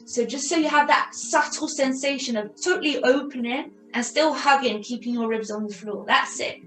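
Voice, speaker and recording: A woman leading a yogilates class, calmly cueing breathing and counting repetitions. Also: sits high, moderate pace. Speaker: yoga and pilates instructor. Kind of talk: guided exercise class instruction. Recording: echoey room with soft music.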